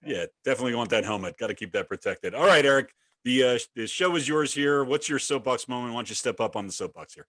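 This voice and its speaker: A man in his fifties hosting a casual podcast chat, relaxed and teasing. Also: medium pitch, quick pace, dry recording, clean studio sound. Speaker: podcast host.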